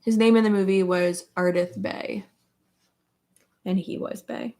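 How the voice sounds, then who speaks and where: A woman's voice: medium pitch, fairly even intonation, measured pace, dark tone. A woman livestreaming as a beauty creator, chatting casually while she does her makeup, rambling with lots of filler words.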